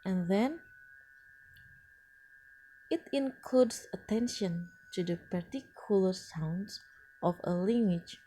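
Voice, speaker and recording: A woman, not a native English speaker, lecturing on English pronunciation with frequent pauses and restarts. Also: medium pitch, dark tone, a little hiss or hum. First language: Indonesian. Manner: slow and hesitant, frequent uh fillers and restarts. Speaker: English teacher. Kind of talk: lecture presentation.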